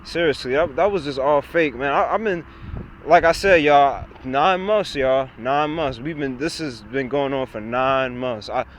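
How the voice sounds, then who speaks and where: A man's voice: medium pitch, measured pace. A young man, rambling and swearing a lot as he vents to the camera outdoors. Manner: rambling, repetitive, frequent profanity. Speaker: vlogger. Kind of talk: casual rant to camera. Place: outdoors by a busy road. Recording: outdoor street noise and wind. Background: traffic and trucks.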